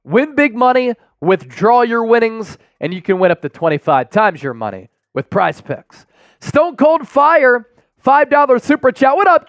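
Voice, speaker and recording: A man's voice: high voice, dry recording. A man hosting a live sports stream, reading sponsor copy and viewer super chats with energy. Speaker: sports show host.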